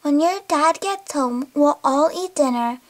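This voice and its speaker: A child doing a mother in a homemade toy story, fussing over her kids and snapping into a scold when they misbehave. The voice sits very high and the delivery is slow and unhurried. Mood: calm, fussy. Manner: scolds sharply when upset. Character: caring but stern mother of three kids. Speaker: voicing toy figures in a home video. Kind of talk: homemade toy play narration.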